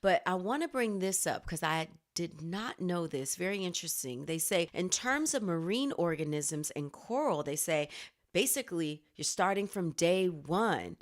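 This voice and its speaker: A woman hosts a weekly news commentary show and addresses viewers directly. Her voice sits somewhat low. Her delivery is animated and indignant. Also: normal speed. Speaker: show host.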